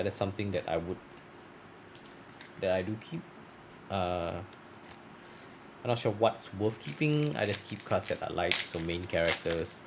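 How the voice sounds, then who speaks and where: Man, low voice, scratchy and tiring, rambling casual chat, noisy background. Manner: rambling, self-correcting, chatty. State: voice getting scratchy. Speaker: card collector opening packs.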